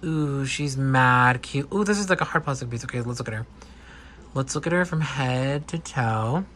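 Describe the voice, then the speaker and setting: A man chatting casually and gushing while unboxing a doll, with quick excited asides. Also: medium pitch, slight background noise. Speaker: doll collector vlogger. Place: indoor room with air conditioner hum.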